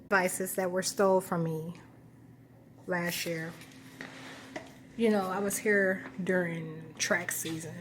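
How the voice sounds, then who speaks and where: A woman's voice: fairly low pitch, steady tone, slow pace, long pauses, a bit bright, a little hiss or hum. A woman talking to her camera in a rambling personal monologue, musing and correcting herself as she recalls things. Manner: musing, self-correcting, recounting memories. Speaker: vlogger.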